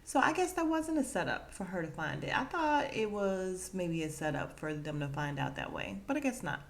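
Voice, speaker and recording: A woman's voice: lowish voice, moderate pace. Chatty woman recapping a TV show. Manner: animated, chatty, laughs often. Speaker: podcast host. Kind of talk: casual TV episode recap.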